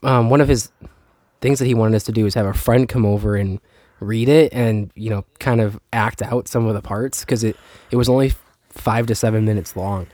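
A man's voice: lowish voice, fairly even intonation, normal speed, a little mellow, no room sound. Tired, nasal young man on a podcast. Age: young adult. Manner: rambling, self-deprecating, hesitant. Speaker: podcast co-host. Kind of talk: casual podcast chat.

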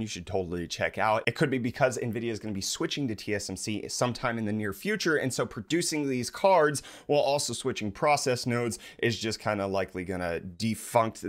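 Lower-voiced man with wry tech commentary. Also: a bit bright. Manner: quick, wry and sarcastic asides. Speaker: tech news host. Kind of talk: casual news commentary.

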